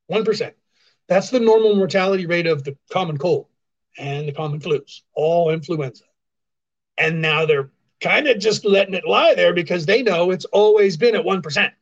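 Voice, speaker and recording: Male livestream host, high-pitched, sarcastic ranting delivery that hammers points home; dull lo-fi phone audio. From California, US. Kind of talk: casual ranting commentary.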